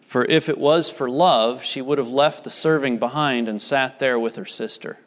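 A man's voice: medium pitch, normal speed. A man preaching a sermon earnestly, putting repeated questions to his congregation in a church. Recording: church hall reverb.

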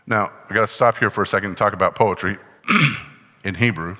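This pastor moves fairly quickly through the text in a casual teaching sermon, his voice bright and a touch low. He keeps asking the congregation questions, and a long reverb lingers in the hall.

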